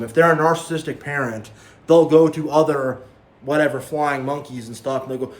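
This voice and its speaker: His pitch is fairly high and his tone steady, and he talks fairly quickly in an echoey room. This male spiritual vlogger addresses the camera in an impassioned, repetitive lecture, full of warnings and mocking impressions of other people's words.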